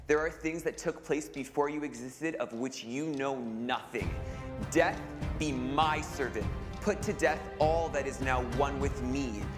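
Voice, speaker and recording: Guy voicing jesus, solemn then booming, long hall echo, music under it. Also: close to an everyday voice. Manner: solemn, building to proclaiming cries. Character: Jesus, divine man, commanding and triumphant. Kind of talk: dramatic audio reading. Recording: reverberant hall recording over music.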